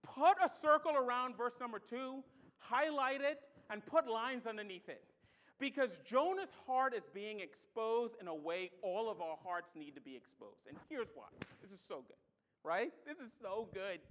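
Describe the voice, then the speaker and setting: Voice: medium pitch, expressive, normal speed, a bit bright. A preacher delivering a sermon with impassioned energy and emphatic rhetorical questions. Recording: long hall reverb.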